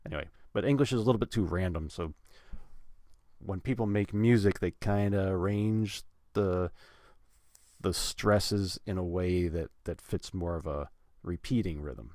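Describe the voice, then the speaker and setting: A man teaching English pronunciation in a relaxed way, thinking aloud with fillers and repeating example sentences with stressed words stretched out. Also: low voice, normal speed, no echo, clean studio sound. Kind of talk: relaxed instructional talk.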